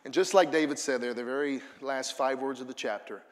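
Earnest preacher in a reverberant hall. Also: male voice, mid-range voice, steady tone, brisk. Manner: earnest, building to fervent emphasis. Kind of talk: sermon. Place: church auditorium.

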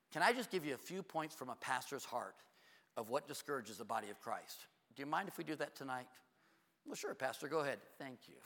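A man preaching a sermon as pastor, telling a story with animated energy and acting out both sides of conversations. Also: medium pitch. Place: church sanctuary. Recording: long church hall reverb.

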